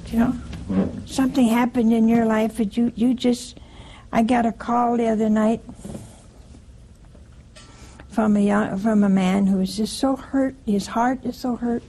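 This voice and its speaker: A woman's voice: on the high side, fairly even intonation, measured pace, pauses often, warm tone, a little hiss or hum, poor audio. A woman giving a conversational sermon in a homely way, often asking her listeners rhetorical questions. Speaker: preacher.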